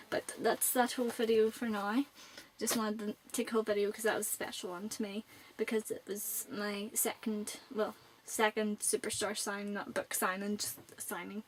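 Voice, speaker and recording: Slight background noise sits under the level, mid-range voice of a young Northern Irish woman in her late teens. She talks at a normal speed, casually rambling to the camera in her vlog.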